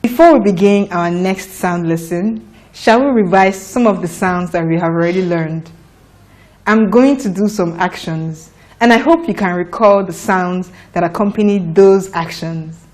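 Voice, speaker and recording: A woman teaching phonics to young children, patient and encouraging, drawing out each sound slowly and clearly. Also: lowish voice, a little mellow.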